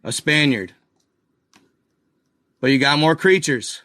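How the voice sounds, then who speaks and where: A man hosting a casual live commentary, rambling excitably and calling out to viewers as guys and y'all. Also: fairly high pitch, slow pace, no room sound, studio quality. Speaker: channel host.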